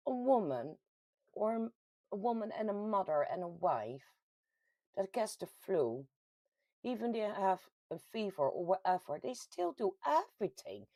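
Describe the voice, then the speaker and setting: A woman's voice: medium pitch, big pitch swings, slow, creaky, long pauses, warm tone, dry recording. A woman with a Dutch accent hosting a casual live chat, reading out viewer comments and laughing often. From Netherlands. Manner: chatty, laughs often, reads comments aloud. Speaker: livestream host reading chat. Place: at home.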